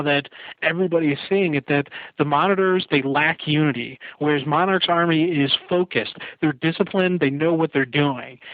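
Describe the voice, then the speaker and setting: A man's voice: fairly high pitch, no room sound. A man co-hosting a casual podcast, recapping at length with light laughs. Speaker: podcast co-host. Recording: tinny phone-line sound.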